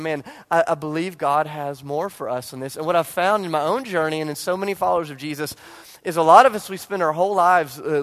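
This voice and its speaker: A man in his forties preaching to a church congregation, telling a personal story with self-deprecating humor and frequent restarts. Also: a little high. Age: 40s. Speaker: pastor. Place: church service before a congregation.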